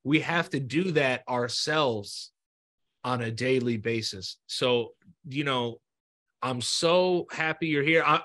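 Bright-voiced earnest man, encouraging host. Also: medium pitch, takes it slowly. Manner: earnest, encouraging, repeats himself, swears freely. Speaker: podcast host. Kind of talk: heartfelt interview chat.

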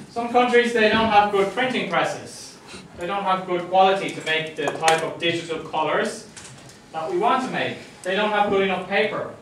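A man's voice: sits high, a bit bright, a little hiss or hum. A man with an Irish accent lecturing a class in a jokey way, often checking that students understand. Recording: echoey room, mic from far off.

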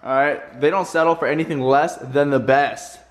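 A young man talking casually to his camera as a real estate agent, excited and rambling with restarts. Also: fairly high pitch, moderate pace. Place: outdoors and in a car, then inside a house. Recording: noisy outdoor and car ambience. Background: air conditioning and traffic noise.

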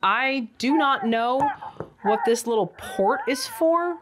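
A woman's voice: high-pitched, animated, slow, noisy background. A young adult woman giving a casual toy review, with sarcastic, exasperated asides.

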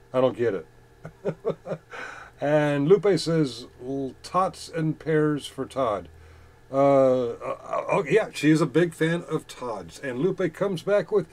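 A man with a middle-pitched voice reads chat comments aloud on his channel. He mocks commenters with profanity and laughs often. His delivery swings between loud excited bursts and low muttered asides. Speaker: YouTuber reading chat.

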